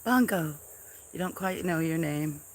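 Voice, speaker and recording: A woman hosting a casual farm livestream, softly chatting and cooing baby talk to cats, sometimes dropping to a whisper, on a camera mic. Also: fairly low pitch, lively intonation, a little slow, breathy edge. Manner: soft-spoken, drifts into whispers.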